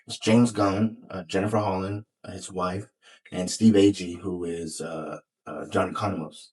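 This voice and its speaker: Low husky man, casual chat. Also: fairly even intonation, normal speed, darkish tone, poor audio. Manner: rambling, swears freely, many fillers and restarts. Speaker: podcast co-host.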